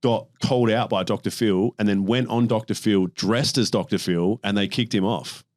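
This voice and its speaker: Young man, podcast host, low voice, dry close sound, swears a lot. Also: normal speed, dry recording. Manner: rambling, swears freely, animated storytelling. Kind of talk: casual chat.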